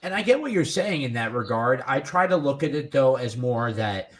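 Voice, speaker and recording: A man's voice: mid-range voice, very animated, moderate pace, a little hiss or hum. A man hosting a casual podcast conversation, speaking in an earnest, explanatory way. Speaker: podcast host.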